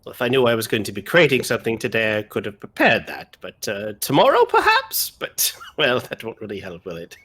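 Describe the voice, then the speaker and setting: Husky man playing a tabletop game. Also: on the low side, a little fast, hardly any pauses. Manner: lively, hesitant with fillers. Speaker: player.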